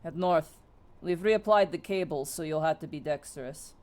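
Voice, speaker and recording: A woman's voice: deep voice, moderate pace, a little mellow, lightly acted. Woman playing a wary, curt male drow sentry. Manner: clipped, guarded.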